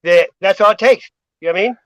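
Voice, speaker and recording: Fast-talking, blunt man in casual chat. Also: sits high, fairly bright tone, no room sound, rough recording. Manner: blunt, preachy, says "you know what I mean".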